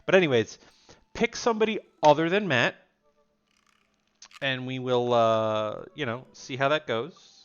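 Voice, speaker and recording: A man's voice: mid-range voice, measured pace, long pauses, smooth, dull audio. Chatty male streamer playing a game. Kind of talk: casual gameplay commentary.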